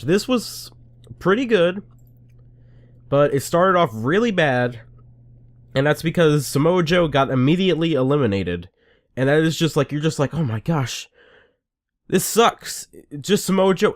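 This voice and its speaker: A man giving a casual, rambling and sarcastic review rant, full of restarts. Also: medium pitch. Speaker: wrestling reviewer.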